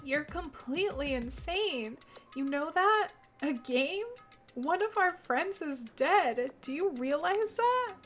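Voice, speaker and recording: A woman's voice: fairly high pitch, measured pace, fairly bright tone, soft background music. A woman reading the lines of an earnest teenage boy from a game, indignant and questioning. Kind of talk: reading game dialogue aloud.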